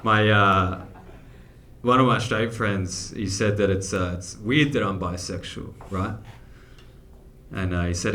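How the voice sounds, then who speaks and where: A man's voice: lowish voice, measured pace, pauses often, pushed and bright, a little hiss or hum. Australian man doing crude stand-up. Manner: crude, self-mocking punchlines. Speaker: stand-up comedian. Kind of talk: stand-up comedy set. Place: comedy theatre stage with live audience.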